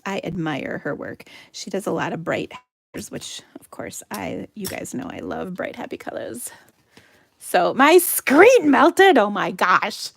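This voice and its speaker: Chatty American woman with a gravelly edge. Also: lowish voice, animated, moderate pace, a bit bright, no room sound. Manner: chatty, giggly, talks to viewers while crafting. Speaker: craft livestream host. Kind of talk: live card-making demo.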